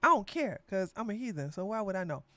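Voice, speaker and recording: Chatty woman, bright voice. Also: medium pitch, sing-song, fast talker, dry recording. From Georgia, USA. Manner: rambling, chatty, talks straight to the chat. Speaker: podcast host. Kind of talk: casual political chat livestream.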